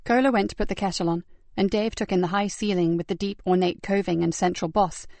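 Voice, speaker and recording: A woman's voice: mid-range voice, steady tone, a little fast, darkish tone, no room sound. A woman narrating a crime novel as an audiobook reader.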